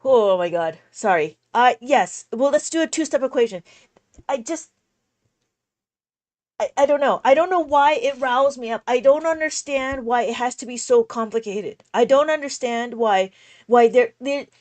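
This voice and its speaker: A woman teaching math in a casual livestream, talking in an animated, exasperated way. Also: fairly high pitch, normal speed.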